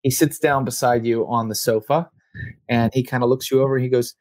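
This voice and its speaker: A man's voice: medium pitch, fairly even intonation, a little fast, a little mellow, dry recording. A man narrating as game master of a tabletop game, hesitant and full of fillers, often laughing. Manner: hesitant, filler-heavy, easily amused.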